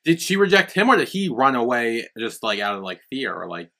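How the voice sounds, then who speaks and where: Guy on a movie podcast, bright voice bouncing all over, keeps going "i don't know". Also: medium pitch, fairly quick. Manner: animated, trailing off into hesitant asides. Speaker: podcast co-host. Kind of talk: casual movie recap chat.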